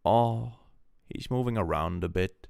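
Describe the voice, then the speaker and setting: A man's voice: lowish voice, unhurried, gravelly, a little mellow, smooth, no echo, studio quality. A man, casually chatting with his stream and joking as he reads out chat.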